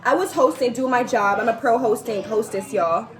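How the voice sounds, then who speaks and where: A woman's voice: on the high side, normal speed, crowd noise. A young woman chatting while she does her makeup at home, telling a story and laughing often. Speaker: vlogger doing makeup. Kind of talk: casual chat with a sister. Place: a room at home with music playing. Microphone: phone or camera, no microphone. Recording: music loud in the background.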